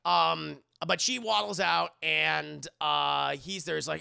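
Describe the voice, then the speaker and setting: A man's voice: fairly high pitch, fairly even intonation, slow, gravelly, sharp tone, clear, resonant tone. A man streaming a casual comedic movie recap, rambling, profane and sarcastic. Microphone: close streaming mic.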